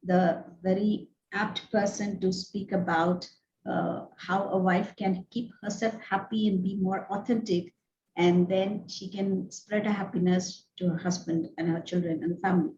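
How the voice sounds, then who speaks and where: A woman's voice: medium pitch, little pitch movement, measured pace, a little mellow. A woman hosting an interview show, talking earnestly with many fillers and repeated words. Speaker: host. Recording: roomy echo, dull lo-fi sound with faint noise.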